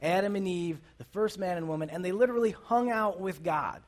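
High-voiced man preaching casually. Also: fairly quick. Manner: conversational, asks the audience questions. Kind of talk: casual sermon.

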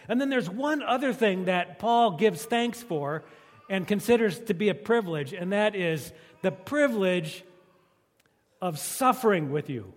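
A man's voice: high voice, animated, measured pace, long reverb tail. Joking, conversational man preaching. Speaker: pastor. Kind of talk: sermon.

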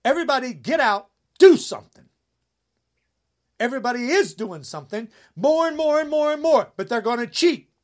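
A man in his sixties delivering an angry rant to camera, indignant and sarcastic, swinging between shouted jabs and low muttering. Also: big pitch swings, moderate pace. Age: 60s. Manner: mocking sarcasm. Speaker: vlogger.

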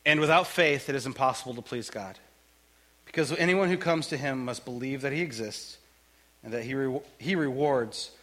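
A male pastor preaching a sermon in a church, joking and conversational in an animated way. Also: medium pitch, normal speed, pauses often.

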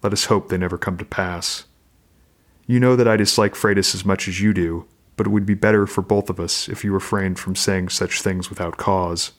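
A man's voice: low-pitched, fairly even intonation, moderate pace, close to an everyday voice. A man reading a stern Norse husband. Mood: reproving. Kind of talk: reading a novel passage aloud.

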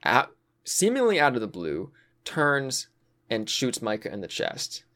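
A man's voice: medium pitch, huge pitch swings, measured pace, a bit bright. A man in casual chat, thinking aloud about a game's story, with frequent fillers and sighs. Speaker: co-host discussing a video game.

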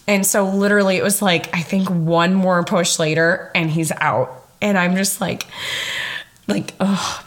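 A woman's voice: medium pitch, unhurried, a bit bright. A young woman hosting a podcast and telling a personal story in a chatty, emphatic way, laughing often and swearing casually. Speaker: podcast host.

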